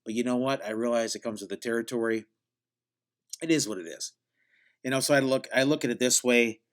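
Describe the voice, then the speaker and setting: Solo podcast host, man, sarcastic and deadpan, rambles with frequent restarts. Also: mid-range voice, fairly quick. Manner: mock-grandiose hype at the opening.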